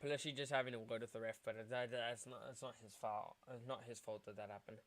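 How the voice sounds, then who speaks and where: A tired young man from South Africa giving excitable live commentary while streaming a football match as a fan. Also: mid-range voice, quick pace. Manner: excitable fan, shouting at big moments, chanting. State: tired, yawning. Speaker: watchalong streamer.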